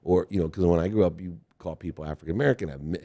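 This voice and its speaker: A man's voice: deep voice, very fast, mellow. A middle-aged man from Ohio hosting an interview, rambling and self-deprecating, often laughing. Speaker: interview host. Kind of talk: casual interview conversation.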